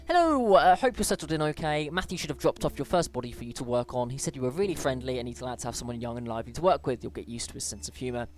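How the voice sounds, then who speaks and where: A British speaker in a relaxed let's play, reading in-game emails and letters aloud and breaking off for chatty asides. The voice sits at a middle pitch but jumps up now and then on greetings, and the reading has small stumbles and restarts. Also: racing, hardly any pauses. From Britain. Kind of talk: casual gameplay commentary, reading on-screen emails aloud.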